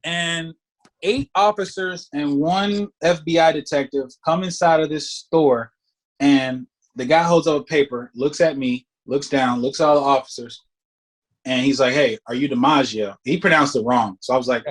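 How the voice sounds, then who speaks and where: A man guesting on a podcast tells a story in loose, profane, casual talk. He acts out the other people in the story with quick voices. His voice sits a little on the high side for a man.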